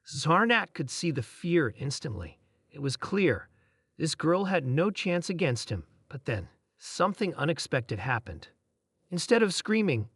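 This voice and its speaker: A male narrator reading a scripted sci-fi tale with a steady, dramatic delivery. His pitch moves freely, and the close, dry recording has no room sound. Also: husky, no echo. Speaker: story narrator.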